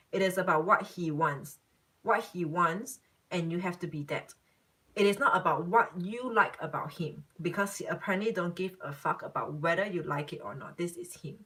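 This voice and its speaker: A woman's voice: lowish voice, fairly bright tone, poor audio. A woman giving a live psychic reading, talking bluntly and repeating her points. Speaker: psychic reader. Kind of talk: live-stream reading, casual chat.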